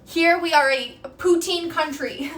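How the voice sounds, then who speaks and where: A woman's voice: high-pitched, measured pace, fairly bright tone. A young woman from Quebec with a Québécois accent, whose first language is French, chatting casually and giggling with her viewers while she cooks on a livestream. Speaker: streamer. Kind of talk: casual cooking livestream chat. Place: home kitchen. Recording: echoey kitchen, mic at a distance.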